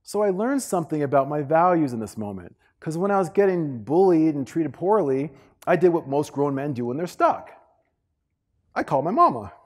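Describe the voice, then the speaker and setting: Guy giving a motivational workshop talk, lively, playful storyteller. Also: fairly high pitch, normal speed. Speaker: workshop speaker.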